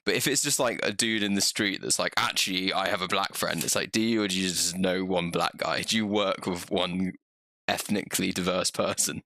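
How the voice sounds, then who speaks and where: A young man co-hosting a casual podcast, reacting with wry remarks and quick laughs. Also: low-pitched, steady tone, bright, forceful tone, no room sound, studio quality. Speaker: podcast co-host. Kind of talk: casual chat.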